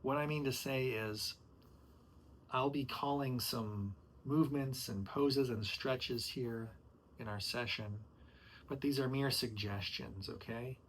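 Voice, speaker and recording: A middle-aged man with a mid-range voice walks through yoga cues slowly, then drops into casual, self-mocking asides full of "man" and "dude." A faint room hum sits behind him. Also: medium pitch, fairly bright tone. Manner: switches between slow soothing instruction and frustrated asides; swears and says "man" and "dude". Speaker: podcast host rehearsing as yoga instructor. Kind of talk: solo podcast, rehearsing a chair yoga class.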